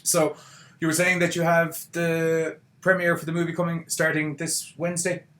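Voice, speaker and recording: A man's voice: a little high, completely flat delivery, moderate pace, a bit bright, slight background noise. A man hosting a podcast, chatting casually and joking loosely. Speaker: podcast host. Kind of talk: casual chat.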